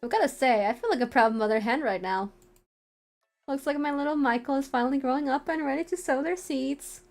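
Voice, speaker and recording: A boisterous male friend who loves to tease, put on by a woman reading a visual novel aloud. The voice sits high and pushes loud and playful. Faint game music plays underneath. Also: fairly quick, gravelly. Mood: teasing.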